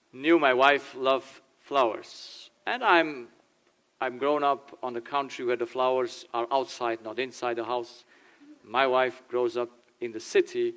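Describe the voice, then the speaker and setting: A man's voice: mid-range voice, clean tone. An older man, a German-speaking family therapist, talks to a church audience in English, laughing and acting out little dialogues. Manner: animated, laughing, acts out dialogue in changing voices. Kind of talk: informal talk with acted quotes.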